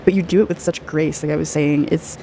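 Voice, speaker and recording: Aura reader, personal spiritual reading, gushing, earnest, mid pitch, faint background noise. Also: fairly even intonation, brisk, creaky, poor audio. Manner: gushing and effusive, heavy use of "like"; soft, earnest and emotional. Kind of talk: personal spiritual reading addressed to one client.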